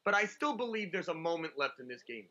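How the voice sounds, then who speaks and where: A man calling into a live football stream, chatting casually in a relaxed, hopeful way. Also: on the high side, fast talker, highs cut off. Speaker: caller on the stream. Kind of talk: casual chat.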